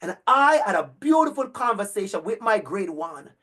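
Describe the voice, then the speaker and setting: A man speaks in a fairly high voice as he tells stories to an audience. His delivery is animated and emphatic. He repeats key words and acts out the voices of the children in his stories. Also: normal speed. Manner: emphatic repetition. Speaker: educator and speaker. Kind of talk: storytelling talk.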